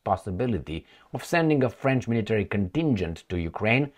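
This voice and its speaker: A man's voice: lowish voice, animated, fast, hardly any pauses. A man hosting a political commentary channel, talking casually and sardonically with frequent fillers. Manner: conversational, sardonic, many fillers.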